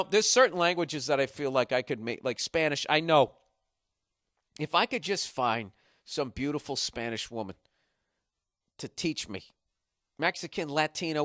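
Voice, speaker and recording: A male comedian ranting profanely in a comedic podcast, animated and building to loud outbursts. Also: on the high side, dry recording, clean studio sound.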